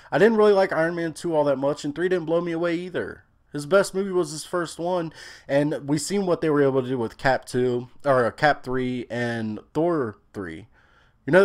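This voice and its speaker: A young man giving a casual, opinionated movie review, rambling with frequent fillers. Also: medium pitch.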